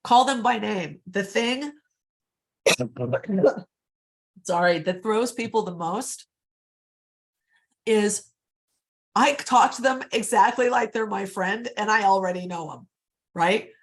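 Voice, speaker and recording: A woman's voice: mid-range voice, expressive, slow pace, long pauses. A woman coaching real estate agents in a live online session, chatty and upbeat, often calling her audience guys, on a computer mic.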